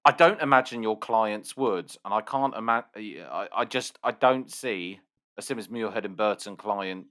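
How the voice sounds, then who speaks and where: Low-voiced man hosting a podcast. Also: normal speed. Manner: relaxed, conversational, encouraging. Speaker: podcast host. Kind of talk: casual interview chat.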